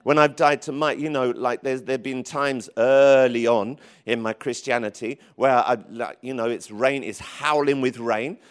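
A man preaching a sermon in church, lively and emphatic, with frequent restarts. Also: medium pitch, normal speed, hardly any pauses, clean tone. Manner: lively, rising to emphatic calls, with many restarts. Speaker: pastor.

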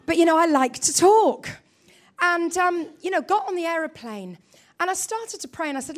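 At a normal pace, a woman with a very high voice preaches with energy and emphasis. Throughout the sermon she acts out the thoughts she quotes and regularly poses questions to the congregation.

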